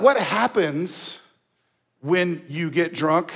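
A man's voice: a little high, a little slow, pauses often. A male pastor preaching a sermon in a conversational, emphatic way, with asides to the congregation. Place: church.

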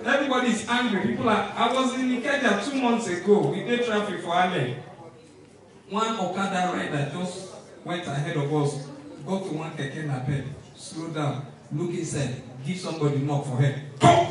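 A man's voice: sits high, moderate pace. A Nigerian man hosting an event, telling comic stories to a crowd and switching into pidgin and Yoruba as he goes. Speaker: event host. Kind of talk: comedic storytelling to a crowd. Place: event hall. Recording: echoey hall from far off.

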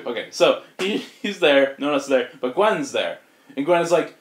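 A man's voice: fairly high pitch, expressive, normal speed, reverberant. A man co-hosting a casual podcast, retelling a comic plot with lots of fillers and acted-out lines. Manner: retells the plot with put-on dialogue, filler-heavy. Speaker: podcast co-host. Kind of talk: casual comic-book recap chat.

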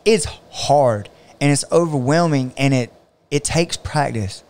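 Smooth-voiced jiu-jitsu coach telling stories. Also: male voice, medium pitch, unhurried. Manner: animated storytelling, acts out other people's words. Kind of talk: casual podcast conversation.

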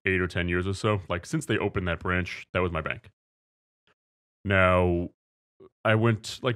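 A man co-hosting a studio podcast, telling a story casually, acting out voices and swearing freely. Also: sits low. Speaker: podcast co-host. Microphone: studio mic.

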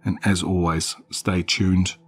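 A male narrator reading scripted horror fiction with measured drama. His voice is very low-pitched and husky. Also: little pitch movement, faint music behind.

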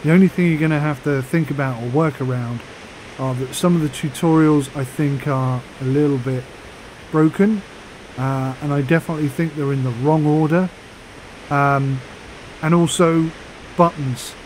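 A man's voice: on the high side, fairly even intonation, normal speed, darkish tone, a little hiss or hum, low-quality recording. Chatty man vlogging. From United Kingdom. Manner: chatty, rambling with fillers. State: hiccups. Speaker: flight sim YouTuber. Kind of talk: casual vlog commentary.

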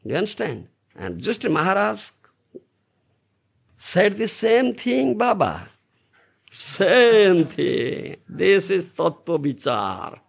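A man's voice: high voice, sing-song, slow, gravelly, husky. A man giving a scripture lecture as a spiritual teacher, repeating key phrases and keeping the room engaged with questions like "you understand?". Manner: teasing rhetorical questions to listeners. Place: Brisbane, Australia.

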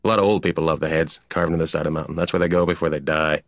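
A man voicing an offbeat comedian patient in an animated sitcom, telling absurd, rambling stories in a deadpan way. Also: extremely low pitch, very fast, creaky, no room sound, clean studio sound. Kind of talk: stand-up comedy monologue.

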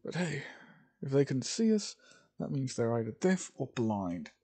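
A man voicing a sarcastic young male alien scavenger in his own quiet voice. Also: medium pitch, big pitch swings, measured pace, slightly rough, exaggerated voice. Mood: sarcastic relief.

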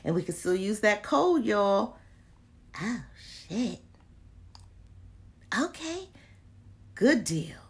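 Speaking at medium pitch, this woman is very animated, drawing out her words and leaving long pauses. She's a candle vlogger chatting live with her viewers, exasperated and talkative, sprinkling in slang and muttered remarks.

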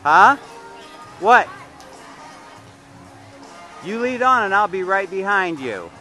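A man's voice: high voice, very animated, slow pace, bright, forceful tone, faint music behind, low-quality recording. A man filming a child at an outdoor water park on a handheld camera, chatting and teasing playfully. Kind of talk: casual home video narration. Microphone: handheld camera mic.

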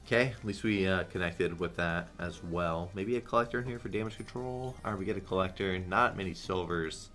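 Low-voiced young man narrating slot spins. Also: fairly quick, few pauses, faint music behind. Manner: excitable, swears a lot, chants "come on". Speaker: slot streamer. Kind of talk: live gambling commentary.

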